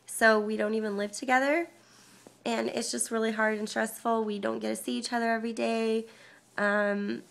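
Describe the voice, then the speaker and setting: Stuffy-nosed young woman with a gravelly voice. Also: a little high, little pitch movement, moderate pace. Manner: rambling, frequent ums, soft laughs. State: stuffy and congested from a cold. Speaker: vlogger. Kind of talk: casual update vlog. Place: parents' house, indoors. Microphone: phone.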